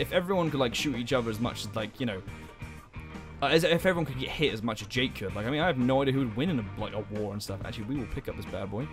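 A young man hosting a let's play, commenting in an animated, jokey way and swearing a lot. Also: mid-range voice. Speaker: gaming channel host. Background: game music.

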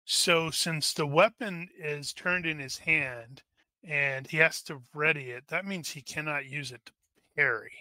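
A man's voice: on the high side, unhurried, pushed and bright, dry recording. A man running a tabletop combat as game master, methodically narrating dice rolls aloud.

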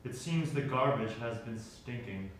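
A man's voice: mid-range voice, expressive, measured pace, lightly acted. An actor playing an apologetic man who keeps waiting for a call and repeats his sorrys. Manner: apologetic, repetitive. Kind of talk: stage play reading. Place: theater stage. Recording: echoey stage from far off, faint noise.

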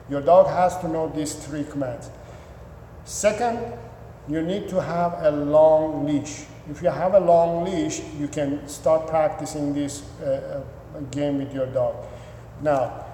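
Man dog trainer, instructive, dark mellow voice, echoey room with long reverb. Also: fairly high pitch, slight background noise. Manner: instructive, repetitive, many fillers. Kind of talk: answering viewer questions.

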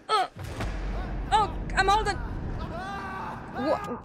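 Bright, playful woman streamer. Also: very high voice, slight background noise. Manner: playful, self-mocking, quick to laugh and exclaim. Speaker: gaming streamer. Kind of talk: casual let's play commentary.

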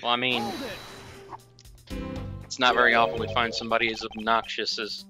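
A man's voice: mid-range voice, monotone, moderate pace, music in the background. A man co-commenting on a video game play-through with dry, teasing remarks.

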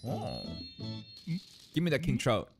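A man's voice: medium pitch, wildly swooping pitch, slow pace, vocal fry, over music. A man hosting an anime reaction, chatting casually with slang, jokes and frequent laughs. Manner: chatty, laughs often, playful slang and mock shouts.

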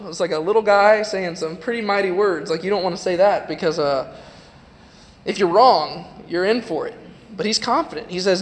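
A man's voice: high voice, brisk. A young man giving a casual, chatty youth sermon in a church, retelling a story with lots of "like". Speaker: youth preacher. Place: church sanctuary. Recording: long hall reverb.

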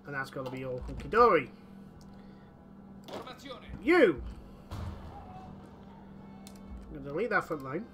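A man's voice: fairly high pitch, very animated, measured pace, pauses often, sharp tone, soft background music. A man playing a strategy game who rambles and corrects himself, with lots of fillers. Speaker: gaming commentator. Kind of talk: strategy game let's play.

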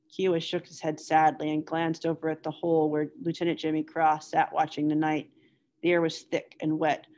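A woman teacher reading a novel aloud to students in a measured, steady way. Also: low-pitched. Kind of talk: read-aloud novel narration.

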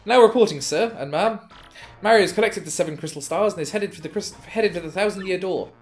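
A man's voice: sits high, fairly quick, faint music behind, pitched above the performer's own voice, lightly acted. A man voicing an eager male winged minion giving an urgent report.

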